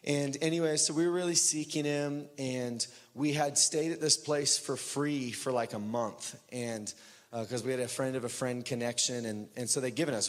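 A young man preaching a sermon in a casual way, telling a personal story, full of fillers, swinging from loud bursts to hushed, quiet lines. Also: mid-range voice. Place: church hall. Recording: long hall reverb.

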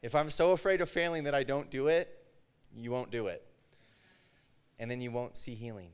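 A man preaching a sermon, telling a personal story with animated delivery and acting out the dialogue. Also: mid-range voice, normal speed, clean tone. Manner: animated storytelling, acts out his own and God's words.

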